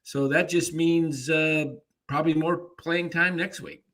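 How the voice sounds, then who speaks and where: A man hosting a casual sports talk show, speaking in a relaxed, measured way and reading out viewer donations. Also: on the high side.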